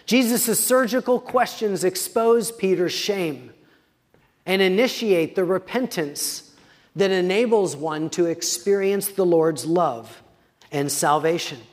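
A man with a high voice delivers a sermon from the pulpit. He reads scripture slowly, dropping into quiet, dramatic pauses. His voice carries a long reverb from a church sanctuary. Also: expressive. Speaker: pastor.

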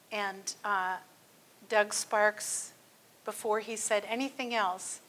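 A woman with a high, bright voice teaches a church class. She tells her own stories in a loose, chatty way, full of little fillers. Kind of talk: teaching talk with personal stories.

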